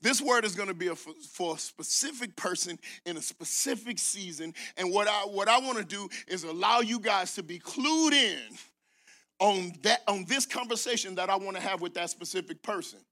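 A man delivers an animated sermon into a microphone, with a close, dry sound. He leads call-and-response with the congregation, shouting lines of scripture and breaking into laughing asides. His voice is high-pitched and bright. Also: normal speed, dry recording. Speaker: guest preacher. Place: church stage.

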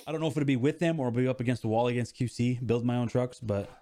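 A man co-hosting a podcast, telling stories in casual chat with lively energy. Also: rapid-fire. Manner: animated storyteller, expressive pitch swings. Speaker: podcast co-host.

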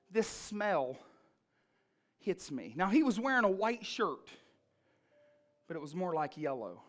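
A woman preaching a sermon, telling a personal story in an emphatic, fervent manner. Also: on the low side.

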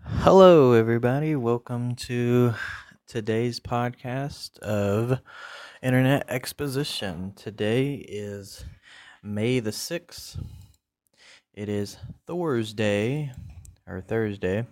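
A man's voice: mid-range voice, takes it slowly, darkish tone. A man hosting a casual solo podcast, talking in a rambling, laid-back way with many fillers. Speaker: podcast host.

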